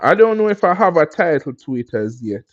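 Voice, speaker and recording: A man's voice: a little high, sing-song, brisk, dry recording, highs cut off. A man with a Jamaican accent, hosting a live stream and chatting casually with viewers, rambling into encouraging life advice. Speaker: livestream host.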